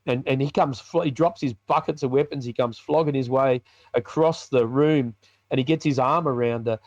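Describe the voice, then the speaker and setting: An Australian man of middle pitch recounts a personal story as a podcast guest. He is colloquial and vivid and acts out the conversations. The recording is dry and slightly muffled. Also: a little mellow, no room sound. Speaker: podcast guest, biker ministry leader.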